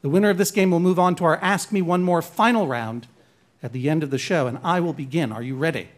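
A man's voice: fairly high pitch, quick pace. A man hosting a comedy quiz show, reading rhyming clues in a playful, jokey way. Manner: playful, jokey, sing-song rhymes.

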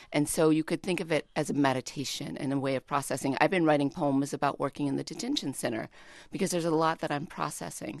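A woman, a poet guest on a radio program, talking with enthusiasm and reading short poems in a slow, measured rhythm. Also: sits low, no echo, clean studio sound. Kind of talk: radio interview. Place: radio studio.

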